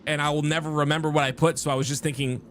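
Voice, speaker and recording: A man's voice: a little high, little pitch movement, racing, fairly bright tone, a little hiss or hum. A man streaming a game live, chatting casually and rambling with his viewers, often interrupting himself. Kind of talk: casual live-stream chat while gaming. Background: faint background music.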